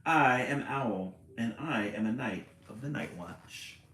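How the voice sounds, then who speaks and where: A man voicing a small, earnest young male owl knight from a storybook, speaking in a resolute, low-key way. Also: expressive, takes it slowly, a bit bright, reverberant, slight background noise. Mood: brave.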